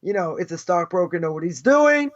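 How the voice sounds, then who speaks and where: A man's voice: high-pitched, very animated, fairly quick, dull audio. A man teaching as a rabbi in a live class, pressing his points with scornful rhetorical questions. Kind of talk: live Torah lecture.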